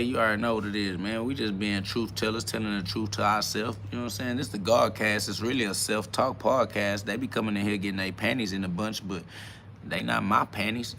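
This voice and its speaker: A man in his twenties hosts a podcast in a lowish, creaky, bright, forceful voice, with a little hiss or hum audible. He rambles through a slangy, profane, casual monologue, reading chat comments aloud and often dropping "you feel me."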